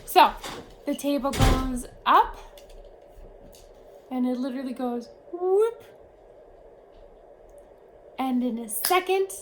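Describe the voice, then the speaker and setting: Woman vlogger, high voice, animated conversational storytelling, faint background hiss. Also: low-quality recording. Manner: animated, quick shifts in tone when retelling. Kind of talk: casual storytelling to camera.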